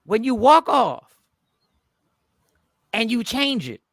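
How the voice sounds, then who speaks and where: A man's voice: extremely high pitch, slow pace, no room sound, clean studio sound. A comedian hosting a casual live stream, greeting his viewers in slang and acting out both sides of a customer argument. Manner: animated, acts out both sides of customer exchanges.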